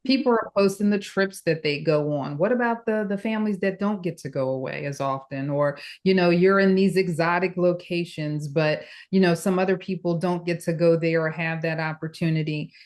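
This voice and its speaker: A woman's voice: lowish voice, normal speed, hardly any pauses, darkish tone. A woman co-hosting a casual podcast, talking things through and often checking in with "right?". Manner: reflective, keeps checking in with "right?". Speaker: podcast co-host. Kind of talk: casual chat.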